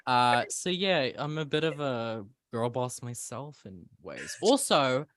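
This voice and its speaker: A man talks casually on an online panel in a mid-pitched voice. He is playful and chatty and slips into joking rants. The sound is close and dry. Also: very animated, a little slow, fairly bright tone, no room sound. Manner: playful, chatty, mock-ranting. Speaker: panelist assessing new cast.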